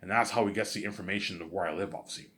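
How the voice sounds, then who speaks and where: Male vlogger, low-pitched, rapid and rambling, crude, stumbles and restarts often. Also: fairly even intonation, bright, forceful tone. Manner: rambling, profane, keeps saying "you know what I'm saying". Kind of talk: casual storytelling.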